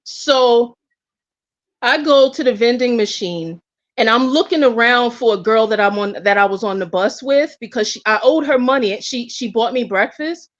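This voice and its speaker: A woman's voice: a little high, moderate pace. A woman guest telling a personal story in a casual, candid way, often restarting her sentences. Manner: candid, animated, with frequent restarts. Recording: dull lo-fi audio.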